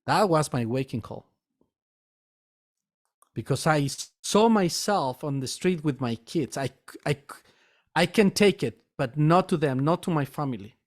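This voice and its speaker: Speaking at a fairly high pitch and in an animated manner, this man tells a story from his own life. He runs a metaphysical shop and teaches meditation, and his delivery is sincere and faltering, with repeated words.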